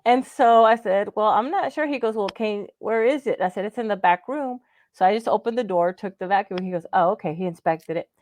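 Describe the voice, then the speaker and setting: On a radio show, a Florida-based woman with a medium-pitched, slightly mellow voice talks briskly through a long personal story. The chat is casual, she laughs a lot, and she acts out the voices of whoever she's quoting.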